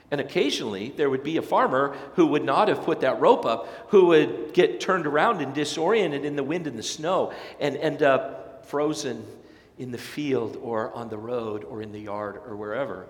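A man preaching a sermon as pastor, swelling to loud emphatic peaks and dropping soft again, with folksy storytelling asides. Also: medium pitch. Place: church sanctuary. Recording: long church reverb.

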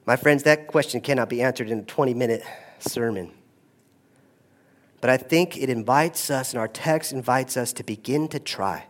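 Preaching a sermon, this mid-range male pastor alternates quiet, stretched-out phrases with loud bursts of rising emphasis.

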